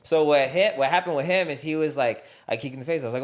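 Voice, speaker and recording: A man's voice: fairly high pitch, fast. A man and fighter, a podcast guest, telling a casual story in a parked car. He acts out what people said and often repeats his phrases. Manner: animated storyteller acting out quotes, repeats phrases.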